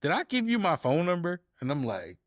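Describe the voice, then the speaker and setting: Animated storytelling man, dry sound. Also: fairly high pitch, a little fast, no room sound. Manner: animated storyteller acting out quoted dialogue. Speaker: guest, DJ and editor. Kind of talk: casual storytelling interview.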